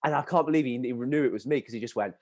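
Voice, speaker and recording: A man in his thirties with an English accent, hosting a podcast and telling an animated school story with laughter. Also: medium pitch, rapid-fire. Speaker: podcast host. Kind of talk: casual chat, storytelling.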